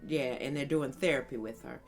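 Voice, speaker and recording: A woman's voice: a little fast, faint music behind. A woman casually telling funny stories about her young children on a podcast, acting out their lines. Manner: animated storyteller who mimics her children in a high voice. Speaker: podcast co-host, sister. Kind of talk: casual family storytelling.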